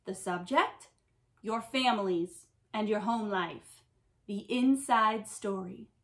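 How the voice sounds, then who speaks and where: A woman voicing a stern, fearsome woman writing teacher who snarls and booms her commands, in a storybook read-aloud. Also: takes it slowly, a bit bright. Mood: demanding.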